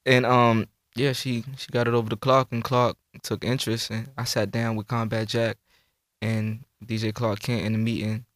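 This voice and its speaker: A man, a rapper guest telling his story in a relaxed, slangy way. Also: medium pitch, normal speed, dry recording, studio quality. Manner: relaxed, laid-back recounting with slang. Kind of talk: casual interview chat.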